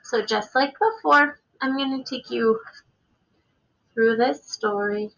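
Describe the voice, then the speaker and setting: A woman teacher with a bright, somewhat high voice gives a recorded reading lesson for children. She reads a picture book aloud with expression, stopping often to ask the listener questions. The sound is a little dull and lo-fi. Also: takes it slowly, gravelly.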